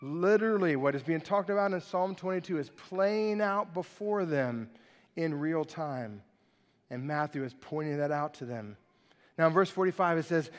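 A man's voice: a little high, lively intonation, moderate pace. A male pastor preaching a sermon, reading scripture aloud and acting out the mockers in a raised voice. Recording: long hall reverb.

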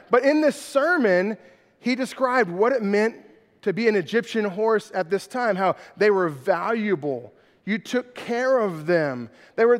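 A man's voice: sits high, long reverb tail. A middle-aged man, preaching a conversational sermon in a church and often checking in with "right?". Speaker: pastor. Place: church hall.

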